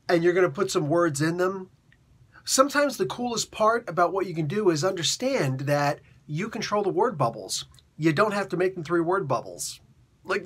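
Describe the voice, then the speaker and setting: A man reviewing a comic book in casual, animated talk, full of asides to the listener and repeated words. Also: on the high side, slightly rough. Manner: chatty and animated, with frequent rhetorical asides.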